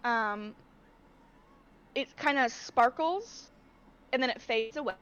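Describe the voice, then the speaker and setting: A woman's voice: a little high, slow pace, fairly bright tone, smooth, muffled recording. A woman running an online tabletop game as game master, narrating playfully and drawing out her words.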